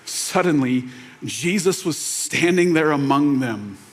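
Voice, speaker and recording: High-pitched guy preaching easter, tells it like a story, goes quiet then gets fired up. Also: slow pace. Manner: storytelling, shifts from hushed to animated. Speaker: pastor. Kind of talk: Easter sermon. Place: church auditorium.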